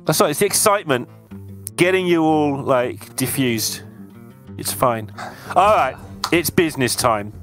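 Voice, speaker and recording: A man's voice: fairly high pitch, expressive, measured pace, a bit bright, faint music behind. A man co-casting a card game match live, chatty and analytical. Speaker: esports caster.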